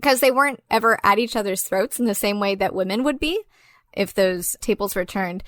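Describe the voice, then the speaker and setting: A woman co-hosting a casual film podcast, animated and quick to swear and laugh. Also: medium pitch, no room sound, clean studio sound. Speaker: podcast co-host.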